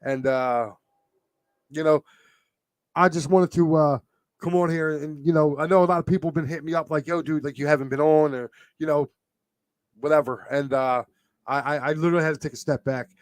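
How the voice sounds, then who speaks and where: A man talks on a sports show in a slightly high voice, teary and halting, with lots of pauses and fillers. The recording is close and dry, with no room sound around him. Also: fairly even intonation, no room sound. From Philadelphia area. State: teary, emotional. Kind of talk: casual chat.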